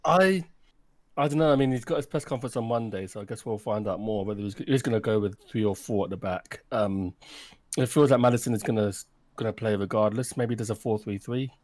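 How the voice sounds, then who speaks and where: A man chatting on a football podcast, hesitant with frequent pauses. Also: on the low side, darkish tone, no room sound. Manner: hesitant, lots of ums. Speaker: podcast co-host. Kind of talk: casual podcast chat.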